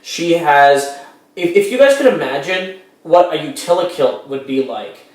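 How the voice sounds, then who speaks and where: Stammering game master in an echoey room. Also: male voice, fairly high pitch, sing-song, a little slow, distant mic. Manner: rambling, stammering restarts with many fillers. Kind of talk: narrating a tabletop role-playing game. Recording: very echoey room, a bit off mic.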